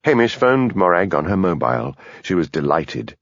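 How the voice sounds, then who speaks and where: A man narrating a mystery audiobook in an expressive, lively reading. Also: low-pitched, moderate pace, no room sound. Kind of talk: scripted narration. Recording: dull, dry studio sound.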